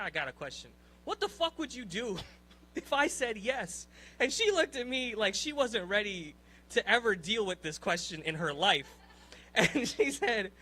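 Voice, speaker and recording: A young man doing a profane, animated stand-up set, ranting in disbelief and laughing at his own lines. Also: very high voice. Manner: profane, animated, incredulous rants with frequent laughs. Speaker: stand-up comedian. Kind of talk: stand-up set at an open mic.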